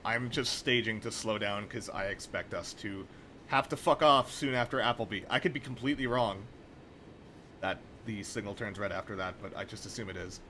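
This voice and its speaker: A man's voice: on the low side, moderate pace, bright, forceful tone, slight background noise. A young man streaming a train simulator, chatting casually with rambling, profane, wry asides. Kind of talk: casual gameplay commentary.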